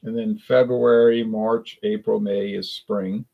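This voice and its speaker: A man's voice: fairly low pitch, little pitch movement, takes it slowly, creaky, narrow, tinny audio. A man from South Louisiana with a South Louisiana accent, rambling through a casual live-stream chat about drinks with lots of restarts and self-corrections.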